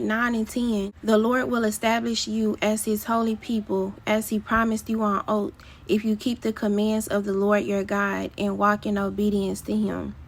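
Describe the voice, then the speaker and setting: A woman delivering a prophetic word, preaching in fervent repeated declarations and mixing casual slang with scripture reading. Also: on the high side. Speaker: prophetic minister.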